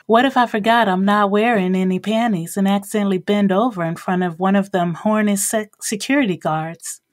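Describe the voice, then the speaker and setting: A woman's voice: mid-range voice, steady tone, fairly quick, dry recording, clean studio sound, lightly acted. A woman putting on a sweet teasing Texas drawl. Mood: teasing, flirty. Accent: Southern US (Texas).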